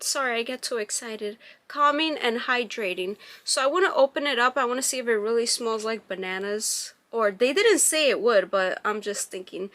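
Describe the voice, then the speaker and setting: Bright, high-voiced gushing beauty vlogger woman. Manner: chatty, gushing over products, reads labels aloud. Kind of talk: casual unboxing review.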